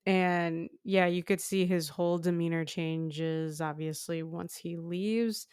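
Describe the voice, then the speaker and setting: Unhurried woman with a crystal-clear voice. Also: fairly low pitch, fairly even intonation, darkish tone, no echo, studio quality. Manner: casual, many "you know" fillers. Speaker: podcast co-host. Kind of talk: casual film discussion.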